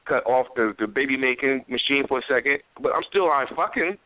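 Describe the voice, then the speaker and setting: A man's voice: mid-range voice, lively intonation, fairly quick. A man being interviewed as a comedian guest, rambling and boastful with stammering restarts. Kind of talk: casual phone-in interview. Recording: tinny phone line on radio.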